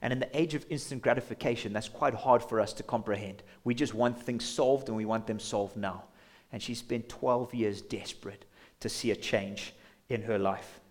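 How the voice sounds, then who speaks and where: A man's voice: mid-range voice, steady tone, normal speed. A man preaching a sermon as pastor in a church, passionate, sometimes acting out imagined voices. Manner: impassioned, acts out imagined inner voices.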